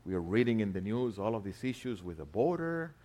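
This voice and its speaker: Animated preacher man, lively pitch. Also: fairly quick. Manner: animated, swinging between loud emphasis and quiet asides; rhetorical back-and-forth questions. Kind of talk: sermon.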